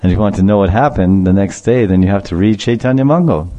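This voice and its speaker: A man's voice: lowish voice, brisk, hardly any pauses, dark tone. A man giving a devotional sermon, telling a story and acting out the quotes with laughter. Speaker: preacher.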